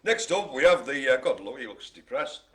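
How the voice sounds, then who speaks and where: A man's voice: medium pitch, big pitch swings, a little fast, a bit bright. A man hosting a live online bingo game, chatty and jokey, full of puns and asides. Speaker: bingo host.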